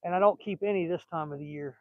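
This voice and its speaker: A man's voice: on the high side, fast, no room sound, narrow, tinny audio. Older Southern man, folksy fishing chat. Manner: folksy and rambling, chatting while fishing. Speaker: fishing vlogger. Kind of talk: casual outdoor chat. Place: outdoors by a lake.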